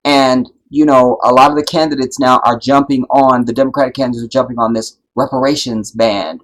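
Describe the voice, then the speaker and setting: A man hosting a live stream, talking in an impassioned, preachy way that builds to loud, emphatic peaks and keeps checking that his listeners follow. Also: medium pitch, fairly even intonation, brisk, few pauses, rough recording. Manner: preachy, builds to loud emphatic peaks, keeps asking "you see what I'm saying". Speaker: livestream host.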